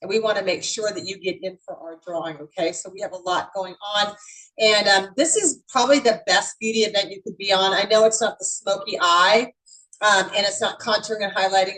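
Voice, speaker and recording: A woman's voice: mid-range voice, fairly even intonation, fairly quick, a bit bright, low-quality recording. Chatty upbeat woman in her sixties. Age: 60s. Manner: chatty, upbeat, addresses the audience directly. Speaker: host of an online beauty event. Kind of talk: casual online presentation.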